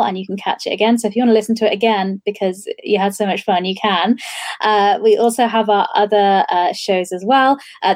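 A woman's voice: mid-range voice, darkish tone, no room sound. A woman hosting a live-streamed tabletop games show, chatty and upbeat as she wraps up the episode. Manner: chatty and upbeat, laughs easily. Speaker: podcast and stream host.

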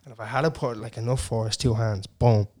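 A man's voice: mid-range voice, a little fast. A young Irish man telling stories in a casual podcast chat, with lots of fillers and swearing. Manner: animated, swears, filler-heavy. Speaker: podcast co-host.

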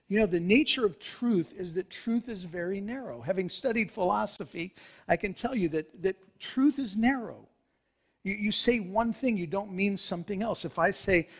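Middle-aged pastor guy preaching, pretty high voice, gravelly, keeps restarting words. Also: normal speed. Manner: earnest preaching with repeated restarts. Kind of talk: sermon.

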